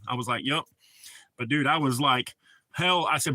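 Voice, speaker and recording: A man's voice: medium pitch, moderate pace, pauses often, bright, forceful tone, dry recording, low-quality recording. A man telling a story in casual chat, blunt and heavily profane.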